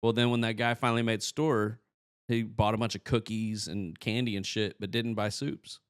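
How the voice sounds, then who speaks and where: A man's voice: lowish voice, moderate pace, smooth, no room sound, clean studio sound. A young man, a comedian, telling stories in a casual podcast chat and acting out other people's lines. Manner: animated, acts out other people's lines in the story. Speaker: guest comedian.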